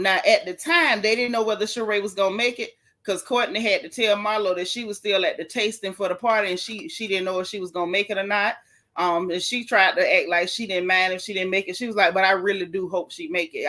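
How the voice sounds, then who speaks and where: Woman dishing reality tv gossip, sassy, bright voice pitched a bit high. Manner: sassy, chatty, Southern Black vernacular on purpose. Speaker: reality TV recap host. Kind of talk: casual gossip recap reading live chat.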